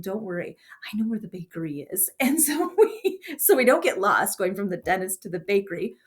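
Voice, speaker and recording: A woman teacher giving a classroom writing lesson and telling a chatty story from her own childhood. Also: mid-range voice. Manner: chatty storyteller with warm asides.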